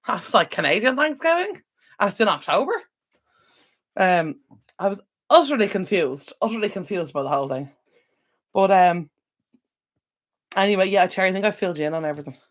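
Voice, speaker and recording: A woman's voice: fairly low pitch, animated, brisk, long pauses. An Irish woman hosting a casual live stream from home, chatting to viewers by name with lots of ums. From Ireland. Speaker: livestream host. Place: indoor home room near a window.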